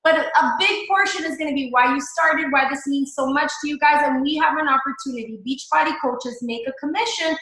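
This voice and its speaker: A woman's voice: high-pitched, fairly quick, hardly any pauses, sharp tone, very echoey, poor audio. A woman in a chatty, upbeat coaching talk on a live video call, speaking straight to her team. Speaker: network marketing coach.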